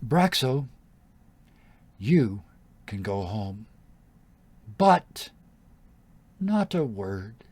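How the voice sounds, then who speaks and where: A man's voice: lowish voice, very animated, drawn-out words, long pauses, a little mellow, slightly rough, dry recording, full character voice. A man voicing a cold, regal noblewoman giant who gives clipped, imperious commands. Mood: commanding.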